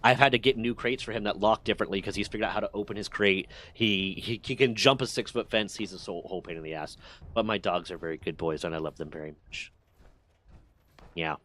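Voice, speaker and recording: A man hosting a livestream, telling stories to his chat in a profane, animated way. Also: fairly low pitch, quick pace. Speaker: livestream host. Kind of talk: casual storytelling to a stream chat.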